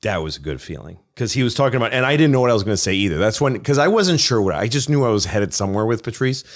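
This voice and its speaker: Low-voiced man telling comedy stories. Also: animated, very fast. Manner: storytelling, profane, acts out quoted voices. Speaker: comedian guest. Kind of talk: casual chat.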